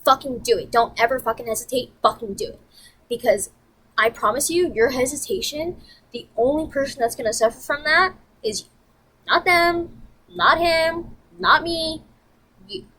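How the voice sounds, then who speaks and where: Profane, animated woman ranting. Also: high voice, normal speed, poor audio. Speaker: vlogger. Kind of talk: casual storytelling rant.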